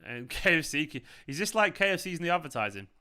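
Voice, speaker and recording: Mancunian male stream host, bright clear tone, loose and chatty with his viewers. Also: on the high side, sing-song, quick pace. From England. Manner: chatty, rambling, reads out chat comments. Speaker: fan channel host. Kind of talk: casual live watchalong chat. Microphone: earphones with mic.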